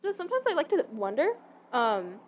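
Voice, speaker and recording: Young woman chatting on a podcast, talks fast, bit high, laughs a lot. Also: husky. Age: young adult. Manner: giggly, animated, quick and rambling. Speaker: podcast co-host. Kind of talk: casual chat. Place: sitting by a window with cars passing.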